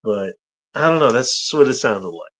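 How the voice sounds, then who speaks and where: A man's voice: mid-range voice, lively intonation, normal speed, rough recording. A man from the United States hosting a casual chat, rambling and joking with many restarts. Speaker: host.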